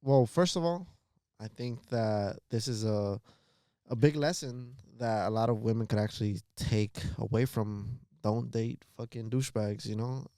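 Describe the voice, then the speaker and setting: A man co-hosting a casual podcast, talking in a measured way with many fillers like "you know". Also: medium pitch, dark tone, no echo, clean studio sound. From Los Angeles area. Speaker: podcast co-host. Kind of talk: casual chat.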